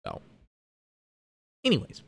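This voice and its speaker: A young man hosting a solo podcast, ranting in exasperation about his schedule and swearing freely. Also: slow pace. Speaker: podcast host.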